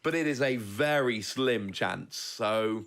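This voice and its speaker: A man commentating a competitive card game, calmly explaining each play and the players' options. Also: medium pitch, slow. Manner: analytical, explains play step by step.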